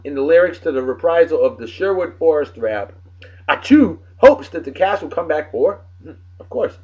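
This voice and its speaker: A man's voice: fairly high pitch, husky, highs cut off. A man hosting a casual home show, reading movie trivia aloud with offhand wry asides. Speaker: host.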